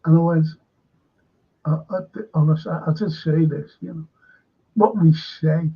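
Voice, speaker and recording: A man with a high, husky voice spins a rambling anecdote and throws himself into the quoted dialogue. The sound is dull and lo-fi. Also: steady tone, unhurried, pauses often, warm tone. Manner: rambling storyteller, acts out quotes animatedly. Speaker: show co-host. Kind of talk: casual anecdotal chat.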